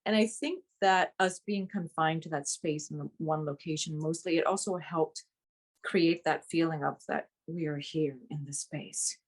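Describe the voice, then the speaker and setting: Chatty laughing woman from Vietnam. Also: fairly low pitch. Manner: chatty, laughs often between phrases. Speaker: actress being interviewed. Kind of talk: casual interview chat.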